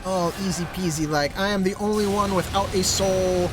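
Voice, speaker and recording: A man's voice: high-pitched, fairly even intonation, moderate pace, music in the background. A man streaming a video game, giving casual joking commentary as he plays. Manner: playful, joking.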